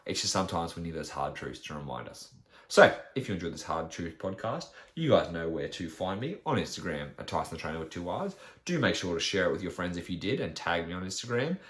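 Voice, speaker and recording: A man's voice: deep voice, sing-song, fairly quick, a bit bright. A man, a fitness trainer, ranting bluntly and profanely on his solo podcast. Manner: blunt, profane, rants with mocking quoted voices.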